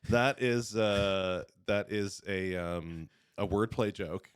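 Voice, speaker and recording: A young man with a low voice hosts a casual podcast chat. He rambles and corrects himself mid-sentence. The sound is dry and close. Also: steady tone, slow, smooth, dry recording. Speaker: podcast host.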